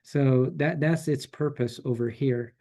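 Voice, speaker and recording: Man casually demoing software features. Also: medium pitch, measured pace. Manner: relaxed, chatty, many fillers and restarts. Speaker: presenter demonstrating software.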